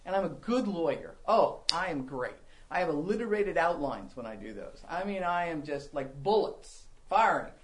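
An older woman giving a Bible teaching talk to women, telling animated, self-mocking stories. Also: low voice, moderate pace, few pauses, slight background noise, low-quality recording.

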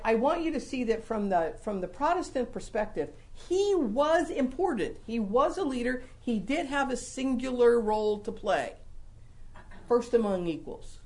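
A woman teaching a Bible lesson to a congregation in a conversational, lively way, often repeating words as she explains. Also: fairly high pitch. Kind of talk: sermon-style Bible teaching.

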